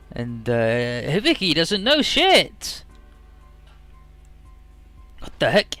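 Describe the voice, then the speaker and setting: A man's voice: fairly high pitch, huge pitch swings, extremely slow, pauses often, bright, forceful tone, no room sound, soft background music. A man hosting a let's play, casually retelling game dialogue in a rambling, offhand way.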